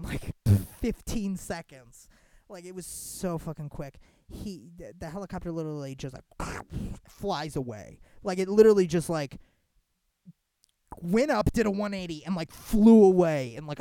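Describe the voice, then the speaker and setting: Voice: medium pitch, normal speed, no echo. A young adult podcast host in a casual ranting monologue, talking with lots of swearing, "like" fillers and restarts. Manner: animated and profane, heavy filler "like", frequent restarts.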